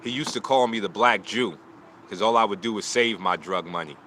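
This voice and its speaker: A man's lowish voice comes across pushed and bright as he talks a little fast. He's a martial arts teacher streaming live outdoors on a phone, delivering short, preaching lines about loss and motivation in an emotional talk, with a little hiss or hum.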